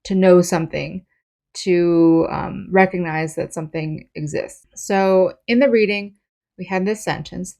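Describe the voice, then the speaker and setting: Lower-voiced woman teaching English vocabulary. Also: a little mellow. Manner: patient, explains step by step with examples. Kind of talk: vocabulary lesson.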